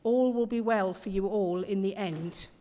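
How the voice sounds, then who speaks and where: A woman voicing Jesus as a calm man who speaks in a slow, steady, reassuring way. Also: medium pitch, close to an everyday voice. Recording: long hall reverb.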